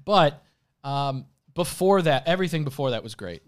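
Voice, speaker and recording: A man of Greek heritage chatting casually as a guest, earnest, with halting restarts. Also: a little high, animated. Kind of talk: casual chat, telling a story.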